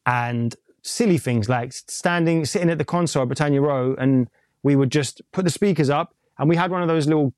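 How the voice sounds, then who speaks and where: A London-accented Englishman, a music producer and mix engineer, rambles candidly in a casual interview and swears offhandedly. His voice is a little high, a little fast and darkish, recorded cleanly in a studio with no echo.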